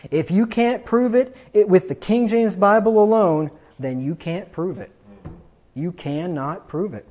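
A man's voice: sits high, measured pace, darkish tone, dull audio. A man preaching a sermon from the pulpit, emphatic and combative, often repeating himself for force. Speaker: pastor.

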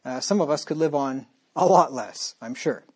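A man's voice: medium pitch, animated, normal speed, breathy edge. A man preaching a sermon as pastor, talking straight to his listeners with emphatic repetition and rhetorical questions.

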